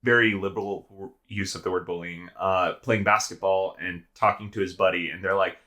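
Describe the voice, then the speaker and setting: A man's voice: sits low, fairly quick, few pauses, pushed and bright. A man co-hosting a manga podcast, wry and laughing, acting out quotes in casual talk. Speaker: podcast co-host.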